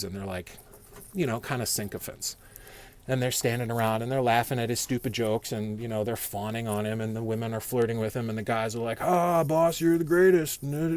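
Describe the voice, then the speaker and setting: Calm, rambling male storyteller. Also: on the low side. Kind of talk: casual spoken storytelling.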